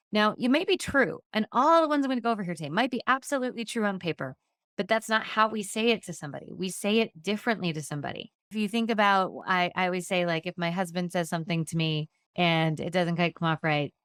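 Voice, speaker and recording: A woman's voice: on the low side, a bit bright, no room sound, studio quality. A woman hosting a podcast on customer-service training, talking in an upbeat, chatty way. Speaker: insurance agency trainer and podcast host.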